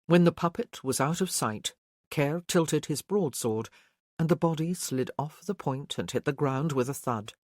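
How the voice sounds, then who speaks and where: A narrator reading a historical romance audiobook in a steady storytelling voice. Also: mid-range voice, a little slow, no echo, clean studio sound.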